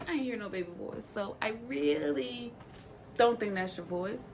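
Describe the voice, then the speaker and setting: A woman's voice: mid-range voice, a little slow, noisy background. A woman giving a casual recap of a reality show in a blunt, profane, sassy way. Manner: animated, jumps into quoted voices. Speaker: reality TV reviewer.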